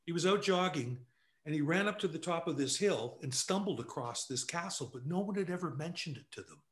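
An older man from Canada, a guest telling anecdotes casually, animated and quick to laugh. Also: on the high side. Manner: animated storyteller who acts out quotes, laughs often. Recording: echoey room.

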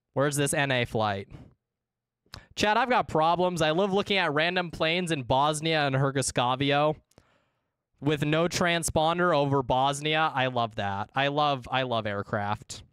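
A young man livestreaming a game, chatting with his viewers in a bright, high-leaning voice that swings up and down. The sound is close and dry, with a smooth, clear tone. He keeps it casual and animated, swearing freely as he goes. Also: no echo. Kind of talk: casual gaming stream chat.

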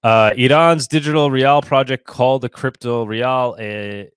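A man's voice: mid-range voice, steady tone, a little slow, clear, resonant tone, no room sound. A man hosting a crypto news show, reading items aloud and breaking off into casual, sarcastic commentary. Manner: sarcastic asides between read-out items; casual, repeats words and restarts.

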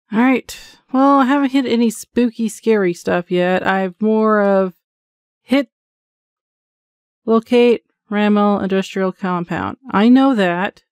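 A woman's voice: mid-range voice, no echo. A woman giving live commentary on a horror game she is playing, chatty and self-mocking, with jumpy exclamations and a running stream of thoughts. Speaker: gaming channel host.

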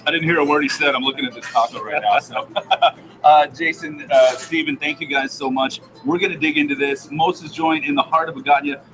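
A man's voice: a little high, steady tone, fairly quick, crowd noise, low-quality recording. A man hosting a TV segment in a casual, playful, joking way. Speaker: TV show host. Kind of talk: casual chat.

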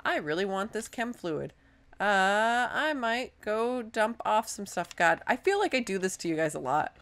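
A woman casually commenting on her own gameplay, chatty and self-deprecating, thinking out loud as she plays. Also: mid-range voice, lively intonation, unhurried. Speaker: let's play host.

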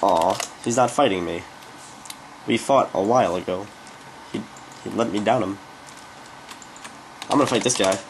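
A man's voice: lowish voice, normal speed, long pauses, slight background noise. A young man giving casual, rambling gameplay commentary, speaking offhand with frequent fillers. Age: young adult. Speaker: gaming commentator.

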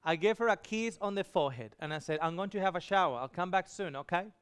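A man's voice: high-pitched, fast talker, a bit bright, smooth. A man preaching a sermon, telling an emotional personal story and acting out the dialogue in it. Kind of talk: sermon testimony.

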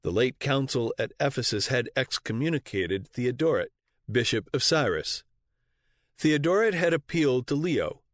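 A man narrating an audiobook in a measured, deliberate reading voice, close to the mic. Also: medium pitch, expressive, no echo. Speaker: audiobook reader.

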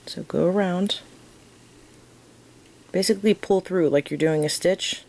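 A woman teaching a crochet tutorial in a casual, chatty way, counting her stitches softly as she works. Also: fairly low pitch, unhurried, gravelly, rough recording. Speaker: crochet instructor.

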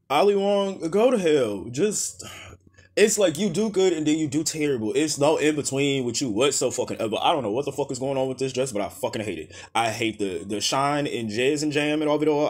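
A man giving comedic fashion roast commentary as host, with sassy, profane, blunt put-downs, swinging between loud jabs and quiet dismissive mutters. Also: mid-range voice.

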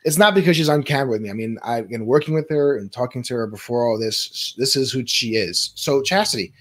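A man's voice: mid-range voice, brisk, a bit bright. A man hosting an interview show, friendly and supportive, affirming his guest as he talks. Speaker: podcast host. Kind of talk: casual interview chat.

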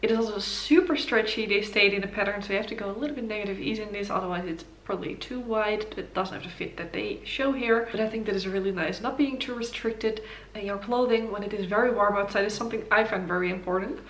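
A woman's voice: mid-range voice, quick pace, fairly bright tone, echoey room, a little hiss or hum. A woman hosting a casual knitting vlog, reviewing patterns in a chatty way with many ums and uhs, recorded on a camera mic. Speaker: knitting channel host.

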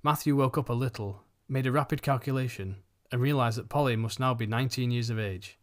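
A man narrating a short story for an audiobook in an even, unhurried reading. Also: medium pitch. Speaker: audiobook reader.

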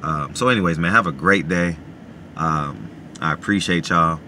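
A man vlogging casually from his parked car, animated and full of filler phrases like "you know what I mean". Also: extremely low pitch, moderate pace, a little hiss or hum. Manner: animated, many filler phrases, repeats himself. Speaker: boxing vlogger. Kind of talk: casual talk to camera.

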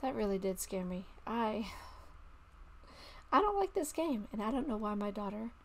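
A woman's voice: mid-range voice, lively intonation, moderate pace. A middle-aged woman giving jumpy commentary while playing a horror game at home, talking to herself and dropping to whispers when tense.

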